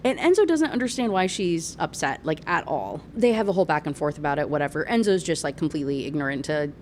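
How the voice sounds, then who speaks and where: Animated sarcastic woman ranting. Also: sits low, quick pace, a little hiss or hum. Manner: animated, sarcastic, laughing, lots of fillers. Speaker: book reviewer. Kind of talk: casual ranting book review.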